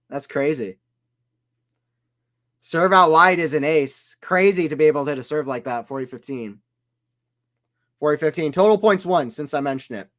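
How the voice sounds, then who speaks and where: A man giving casual play-by-play commentary on a tennis watchalong stream, chatting with viewers between points and getting loud on big shots. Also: medium pitch. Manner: chatty, reads chat aloud between points.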